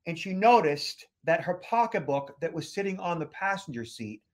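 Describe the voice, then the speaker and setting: High-voiced chatty male podcast host. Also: very animated, moderate pace. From Boston area, USA. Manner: chatty, many fillers and restarts. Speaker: podcast host, security expert. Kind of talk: casual podcast storytelling.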